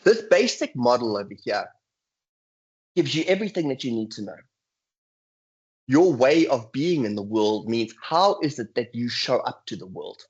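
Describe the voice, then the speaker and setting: A man's voice: medium pitch, very animated, moderate pace, long pauses, slightly rough. A man giving a guest lecture in a webinar, speaking earnestly and acting out inner voices with sighs. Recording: dull, lo-fi video call audio.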